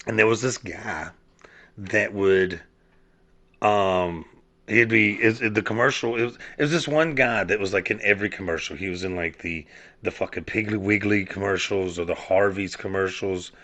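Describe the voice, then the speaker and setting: Speaking at a moderate pace in a lowish, slightly bright voice, this South Georgia podcast host delivers a casual monologue. It's rambling and profane, packed with fillers and false starts.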